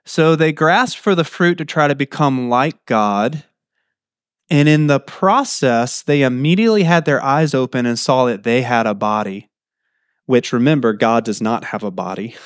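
A man's voice: normal speed, no echo. Conversational male preacher, dry sound. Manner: conversational preaching with sudden rises in pitch. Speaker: pastor. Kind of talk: sermon.

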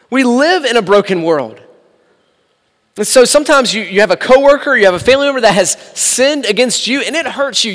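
A man preaching a sermon, animated, acting out the people in the story with sarcastic asides. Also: very high-pitched. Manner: animated, acts out quoted dialogue, sarcastic asides. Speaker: pastor. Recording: long hall reverb.

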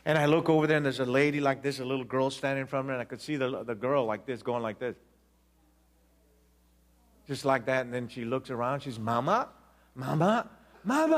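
A man giving an animated personal testimony, acting out voices, laughing and repeating himself as he tells it. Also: mid-range voice.

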